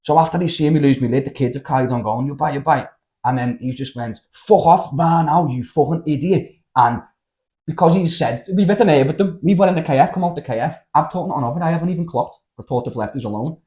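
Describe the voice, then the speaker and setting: A young man with a Scouse accent, telling a story in casual podcast chat, animated and full of slang and swearing. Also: medium pitch, quick pace. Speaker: podcast host.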